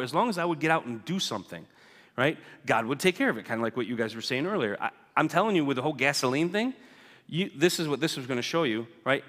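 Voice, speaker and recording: A man's voice: fairly high pitch, a bit bright. Guy chatting from the pulpit, lots of "right?", echoey church sound. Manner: chatty, keeps asking "right?", acts out quoted people. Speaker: guest speaker reporting on mission work. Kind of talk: casual, joking church talk with slides. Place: church sanctuary. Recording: church hall with long reverb.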